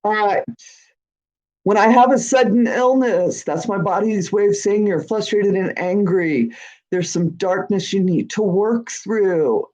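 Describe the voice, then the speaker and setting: Slow-spoken woman hosting a chatty livestream Q&A. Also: medium pitch, darkish tone, dull audio. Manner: chatty and encouraging, often checks in with "all right?". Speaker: host of a witchcraft channel. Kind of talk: live-stream Q&A, reading viewer comments.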